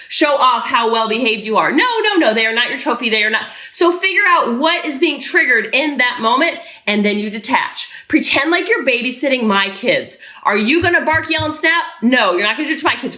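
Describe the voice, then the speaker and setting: A middle-aged woman and podcast host, coaching parents in an energetic, emphatic way and repeating her key phrases. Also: high-pitched, roomy sound.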